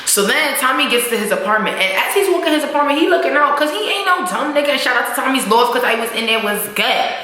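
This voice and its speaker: A woman's voice: high-pitched, fast, hardly any pauses. A woman recapping a TV episode in a casual, slangy way, swearing freely and acting out what the characters say. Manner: animated, slangy, swears, acts out characters' lines. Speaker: show recap vlogger. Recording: echoey room.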